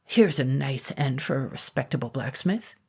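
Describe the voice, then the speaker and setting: A woman's voice: extremely low pitch, animated, moderate pace, darkish tone, slightly rough, exaggerated voice. A woman voicing a frightened blacksmith who stammers and trembles, yet stays polite. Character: timid grown man, a fearful blacksmith.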